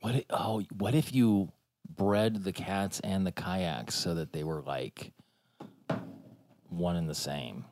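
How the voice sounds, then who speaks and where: A man's voice: low-pitched, slow pace, a little mellow. A man co-hosting a podcast in casual chat, rambling and riffing with many restarts and fillers. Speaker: podcast co-host.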